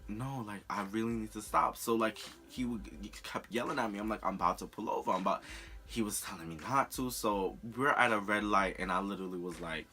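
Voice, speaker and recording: A young man telling a personal story in a candid, profane, animated way on a storytime vlog. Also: fairly low pitch, fairly quick. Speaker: vlogger.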